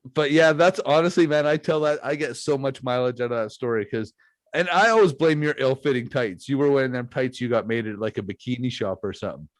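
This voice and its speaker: With a mid-range voice and a slightly quick delivery, this podcast host from Canada rambles through stories in an easygoing way, leaning heavily on filler words. The recording is dry.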